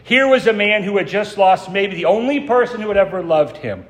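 Male pastor, sermon; measured, deliberate storytelling, slightly raised pitch, long sanctuary reverb. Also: lively intonation, fairly bright tone.

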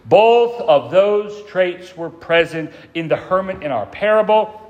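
A man's voice: sits high, lively intonation, unhurried, highs cut off. A man preaching a sermon, telling a parable with shifting emphasis as he goes. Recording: long reverb.

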